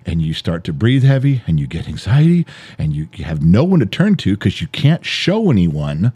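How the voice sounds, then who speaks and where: Middle-aged dad co-host, deep warm voice, swings widely in pitch, pressing his point hard. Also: very animated, normal speed, slightly rough. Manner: emphatic, repetitive, swears, builds an extended metaphor. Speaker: podcast co-host, father. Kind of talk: heated personal monologue.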